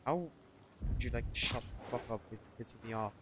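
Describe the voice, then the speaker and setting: A man's voice: medium pitch, moderate pace, noisy background. A young man commenting on his gameplay, irritable and grumbling, swearing at the game. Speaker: gaming streamer.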